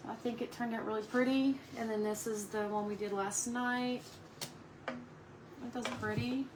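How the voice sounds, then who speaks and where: A woman with a fairly high voice talks casually on a live stream from home about her painting. She chats easily with viewers and keeps cooing at her dog. A faint background hiss runs underneath. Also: fairly even intonation, normal speed. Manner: chatty, coos at her dog between crafting talk.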